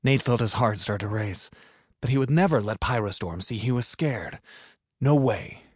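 A man's voice: mid-range voice, lively intonation, normal speed, no echo, studio quality. A man narrating an audiobook in an upbeat, playful manner, recorded in a booth. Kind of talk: scripted narration.

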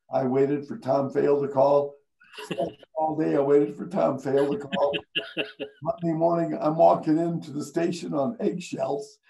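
An older man spins a radio yarn for a live crowd, and his voice has a gravelly edge. He tells it with animation and slips into the people in the story as he goes. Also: fairly high pitch, rough recording. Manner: animated, acts out the people he quotes. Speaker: retired radio announcer telling stories. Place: live event before an audience.

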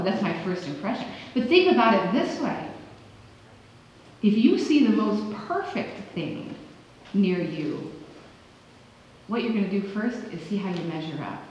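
A female pastor with a medium-pitched voice delivers a sermon in a church sanctuary, telling animated, conversational stories and acting out quotes. The echoey church hall gives the recording a dull, lo-fi sound.

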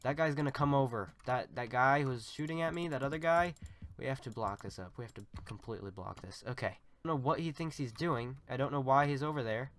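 Excitable male gameplay host, casual chatter that repeats itself and jumps to yelling, clean USB desk mic, middle-pitched. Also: a little fast, slight background noise. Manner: excitable, repeats short phrases, yells during fights. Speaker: gaming channel host. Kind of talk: casual game commentary. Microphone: USB desktop microphone.

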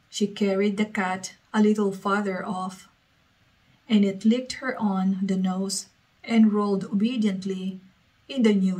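Slow, unhurried woman reading a story. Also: mid-range voice, darkish tone, low-quality recording.

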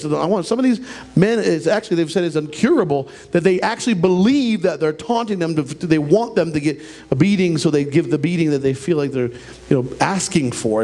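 A middle-aged man preaching a sermon in a church, talking in an animated, conversational way with joking asides. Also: on the high side. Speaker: pastor. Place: church sanctuary.

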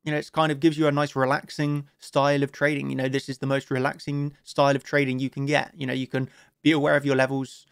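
A man's voice: medium pitch, flat delivery, fast, vocal fry, clear, resonant tone, dry recording, clean studio sound. A man hosting a casual trading analysis talk, chatty and upbeat, with many "you know" fillers. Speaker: crypto trading analyst host.

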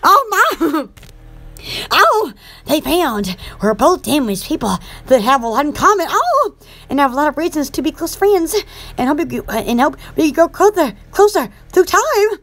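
Super high squeaky young woman rambling on her vlog, voice swoops up n down, giggly and all over the place. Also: moderate pace. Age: young adult. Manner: excitable, giggly and scattered. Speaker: channel host. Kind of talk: rambling casual vlog chatter.

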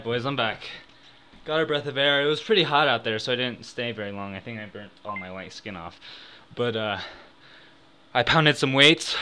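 An excitable young man talks casually at his desk microphone at home, his voice bright and forceful. He drops to mutters one moment and yells the next as he bets and cheers. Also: mid-range voice, slight background noise. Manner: excitable, swings from mumbling to shouting. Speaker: gaming YouTuber. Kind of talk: casual gambling commentary. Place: home room.

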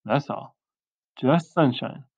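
An exasperated storybook mother, played by a man reading aloud, her voice pushed higher when she exclaims. The reading is slow and the sound dry and muffled. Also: gravelly, husky, no echo, exaggerated voice. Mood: firm.

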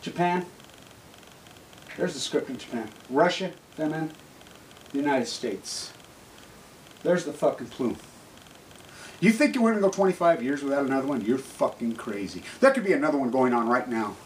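A middle-aged man ranting angrily to camera, swearing constantly and swinging from low mutters to shouts. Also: animated, normal speed, pauses often, a little hiss or hum, low-quality recording. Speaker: activist vlogger. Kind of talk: angry profane rant to camera.

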